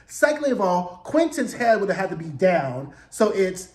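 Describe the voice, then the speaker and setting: A man's voice: high voice, sing-song, moderate pace, roomy sound. A man giving a casual, sassy and profane recap of a TV episode, acting out quotes in voices.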